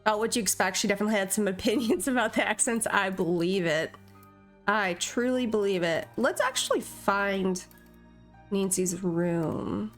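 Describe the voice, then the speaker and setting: A woman's voice: medium pitch, lively intonation, normal speed, faint music behind. A young woman streaming a video game, chatting casually in a playful, self-mocking way. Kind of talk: casual live-stream chat.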